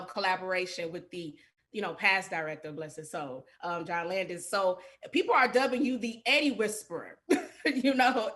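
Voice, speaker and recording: A woman hosting a casual interview over a video call, chatty and excited. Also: mid-range voice. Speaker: interview host.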